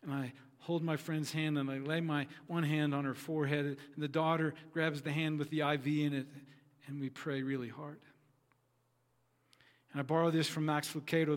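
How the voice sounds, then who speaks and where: An earnest male pastor preaches in a church hall, his slightly raised voice trailing off into a long reverb. He tells his story in measured, repeated phrases, leaning on each line for emphasis. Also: fairly high pitch, little pitch movement. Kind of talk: sermon.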